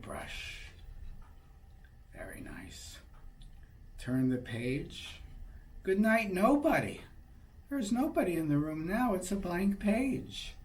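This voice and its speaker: Slow, gentle older man reading a storybook. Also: medium pitch, distant mic, slight background noise. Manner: slow and gentle, pointing out pictures on each page. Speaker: storybook reader. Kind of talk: reading a picture book aloud to small children.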